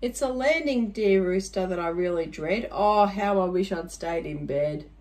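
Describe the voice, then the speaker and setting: A woman voicing a timid, polite gentleman who frets and exclaims in dismay in a storybook reading. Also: fairly low pitch, measured pace, lightly acted. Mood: fretful. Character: fretful polite gentleman, timid and easily alarmed.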